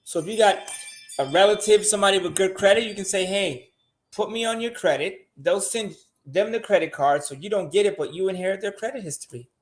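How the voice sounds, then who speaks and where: A man's voice: high-pitched, quick pace. An older man, a show regular, giving blunt money advice in casual podcast talk and swearing freely.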